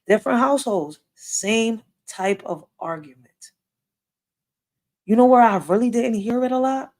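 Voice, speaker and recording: A woman's voice: on the high side, unhurried, darkish tone. A woman hosting a casual live story time, talking bluntly to her viewers in streetwise slang and swearing freely. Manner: blunt, profane, streetwise talk with repeated "yo" and "like". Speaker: livestream host.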